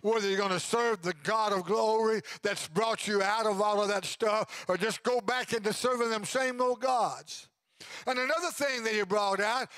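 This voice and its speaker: A man in his sixties preaching a sermon as pastor, swinging between loud preaching and quiet asides. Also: sits high, normal speed, no room sound.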